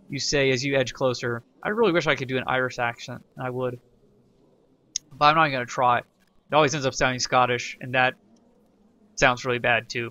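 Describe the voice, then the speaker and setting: A man's voice: mid-range voice, bright, forceful tone, lo-fi sound. A man hosting a casual let's play tutorial, rambling and self-correcting as he reads the game's event text aloud. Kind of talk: casual gameplay tutorial commentary.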